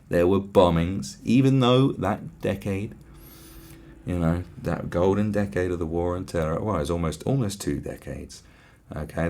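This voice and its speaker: A man's voice: low voice, vocal fry. A man hosting a talk show, ranting sarcastically and with a lot of swearing, and sometimes mimicking other people. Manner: sarcastic, profane, mimics voices. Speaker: podcast host. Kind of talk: ranting monologue.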